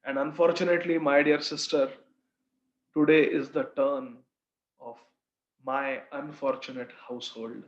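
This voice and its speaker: A man's voice: medium pitch, little pitch movement, unhurried, pauses often, pitched below the performer's own voice, close to an everyday voice. A man voicing a grieving, pleading poor village woman in a retold scripture story. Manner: imploring, grieving. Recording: roomy, slightly dull recording.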